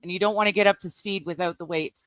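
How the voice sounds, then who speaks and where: A woman co-hosting a casual livestream, laughing easily and giving quick agreeing replies. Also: lowish voice, fairly even intonation, fairly bright tone, no room sound. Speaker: livestream co-host. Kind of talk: casual chat.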